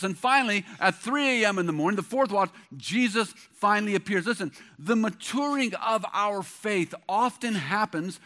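A man's voice: high voice, expressive, normal speed, few pauses, bright, forceful tone. A middle-aged man preaching a sermon as pastor, with an emphatic, repetitive cadence.

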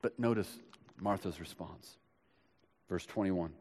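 A man preaching a sermon, swinging from loud emphasis to hushed tones and asking searching questions. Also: deep voice, a little slow, long reverb tail. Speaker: pastor.

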